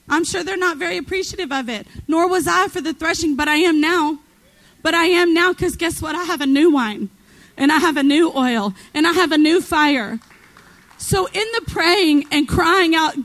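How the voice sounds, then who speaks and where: A woman's voice: high-pitched, rough recording. A woman guest preacher delivering a sermon with passionate, emphatic repetition.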